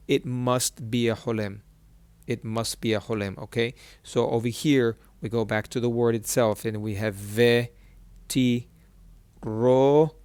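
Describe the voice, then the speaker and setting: A man of ordinary pitch teaches a reading lesson, writing as he talks. He breaks each word into slow syllables and repeats them patiently. The sound is close and dry. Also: a little mellow, clear, resonant tone, dry recording. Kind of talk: whiteboard lesson.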